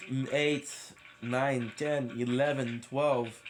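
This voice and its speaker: A man's voice: medium pitch, fairly even intonation, takes it slowly. A man streaming casually, rambling between topics with frequent swearing and stuttered, repeated words, sometimes counting aloud as he plays. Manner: counts aloud while playing. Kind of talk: casual live-stream chat.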